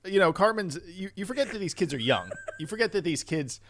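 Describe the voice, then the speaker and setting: A man co-hosting a casual podcast, chatting in a relaxed way and recapping an episode. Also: high-pitched, fairly quick. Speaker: podcast co-host.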